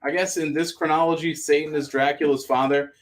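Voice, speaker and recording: Man, live-sale host, casual rambling jokes, slightly high voice. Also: level tone, brisk. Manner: joking, rambling asides between listings. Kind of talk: casual live-stream selling.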